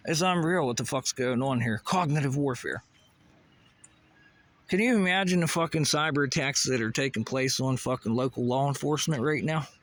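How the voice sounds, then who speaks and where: At a normal pace and medium pitch, with a fairly bright tone, a man vlogs a conspiracy rant straight to camera. He's worked up, cursing frequently and peppering his talk with rhetorical questions.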